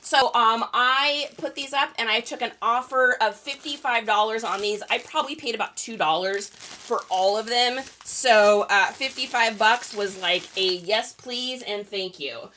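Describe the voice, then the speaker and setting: A woman's voice: a little high, a little slow, pushed and bright, slight background noise. A woman chatting casually on a live stream while packing orders, talkative and often laughing between rambling asides. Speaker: reseller hosting a live stream.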